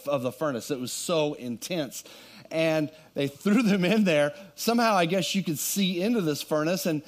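A male pastor preaches in a high, bright voice and tells a scripture story with animated energy. He cracks little jokes and often restarts phrases as he goes. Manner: animated storytelling with humorous asides and frequent restarts. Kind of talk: sermon.

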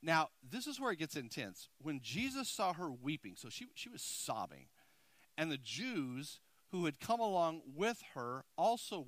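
A man preaching a sermon as pastor, swinging between loud emphasis and hushed intensity, repeating words and checking in with his congregation. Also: mid-range voice, dry recording.

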